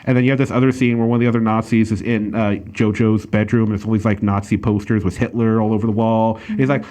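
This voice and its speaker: A man's voice: on the low side, little pitch movement, quick pace, mellow. A man hosting a casual talk show, reviewing a film with lots of fillers and restarts. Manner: rambling, many fillers and restarts, laughs easily. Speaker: podcast host reviewing a film. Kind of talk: casual chat.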